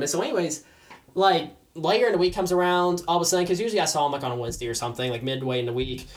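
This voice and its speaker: Animated young man telling a story. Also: fairly high pitch, very fast. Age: young adult. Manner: animated, laughing often, acting out quoted voices. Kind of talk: casual storytelling.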